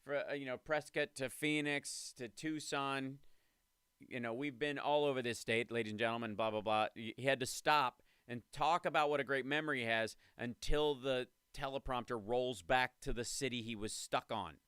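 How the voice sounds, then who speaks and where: A man's voice: mid-range voice, fairly even intonation, moderate pace, fairly bright tone, smooth, dry recording, studio quality. A male host giving sarcastic comedic political commentary, cutting in with jokes.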